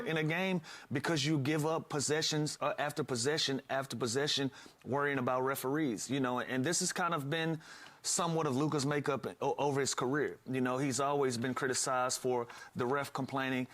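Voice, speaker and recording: A man's voice: mid-range voice, fairly bright tone. A man talking casually about basketball in a rambling way, often repeating words. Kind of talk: casual sports talk.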